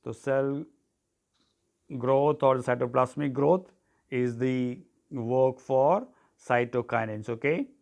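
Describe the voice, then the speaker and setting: A teacher giving a tutorial, dictating notes, spelling terms letter by letter, often saying "okay". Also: male voice, medium pitch, takes it slowly, pauses often, a little mellow. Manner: repeats "okay" and "so", clears throat often. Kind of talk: classroom tutorial.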